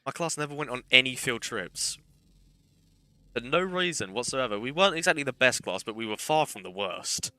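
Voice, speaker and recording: Bright-voiced chatty streamer. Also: male voice, mid-range voice, animated, moderate pace, clean tone, no echo. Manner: chatty, rambling anecdotes with self-deprecating humour. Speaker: game streamer. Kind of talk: casual gameplay commentary and storytelling.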